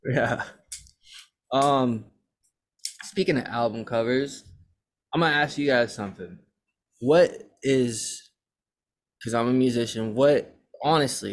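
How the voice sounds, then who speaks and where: A young man hosting a casual podcast, who slips into animated, swear-filled stories. His voice sits at an ordinary middle pitch. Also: unhurried, pauses often. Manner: profane, animated storytelling. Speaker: podcast host and rapper. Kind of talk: casual chat.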